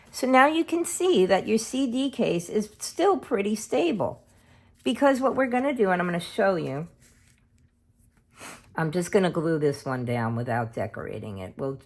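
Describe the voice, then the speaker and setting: A middle-aged woman hosting a casual craft tutorial at home, chatting homely and unhurried while she works with her hands. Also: sits low. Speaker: craft video host.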